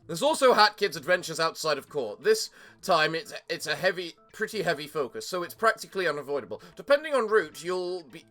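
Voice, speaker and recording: A man with a bright, forward voice pitched a little high reads game text aloud in a casual let's-play. He trips over words and restarts them, then laughs easily at what he reads. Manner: frequent stumbles and self-corrections while reading. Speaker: gameplay commentator.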